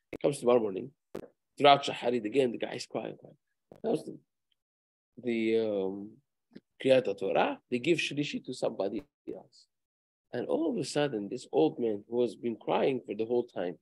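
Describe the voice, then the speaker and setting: Gravelly-voiced rabbi teaching a Torah class. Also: male voice, medium pitch, expressive, unhurried, a little mellow, no echo, poor audio. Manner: conversational, tells anecdotes, mixes Hebrew and Yiddish terms. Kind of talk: casual Torah lesson with storytelling.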